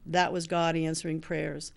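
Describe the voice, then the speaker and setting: A woman's voice: sits low, little pitch movement, normal speed, vocal fry. An older woman in recovery telling a personal story earnestly, acting out the lines of the people in it. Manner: earnest, acts out dialogue in quotes. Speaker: show host sharing a personal story.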